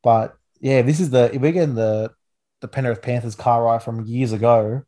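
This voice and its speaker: Aussie guy in his 20s hosting a footy podcast, mellow warm voice, rambles excitedly. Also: medium pitch, moderate pace. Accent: Australian. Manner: enthusiastic, rambling with restarts. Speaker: podcast host. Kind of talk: casual sports chat.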